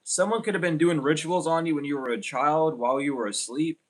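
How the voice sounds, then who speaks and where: A man's voice: on the high side, fairly quick. A young man giving a casual tarot reading, rambling and blunt with plenty of swearing. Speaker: tarot reader.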